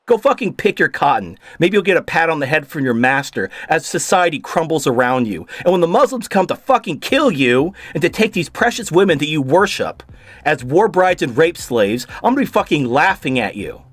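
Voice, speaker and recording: A man's voice: on the high side, big pitch swings, brisk, fairly bright tone, no echo. A man hosting a video, delivering an angry, profane rant of commentary in furious bursts. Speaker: video host reacting to a clip.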